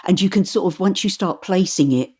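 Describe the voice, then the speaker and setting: A woman, an audiobook narrator answering interview questions in an animated way, often restarting her sentences. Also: fairly low pitch, fairly quick, slightly rough. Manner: animated, stumbles and restarts while telling stories.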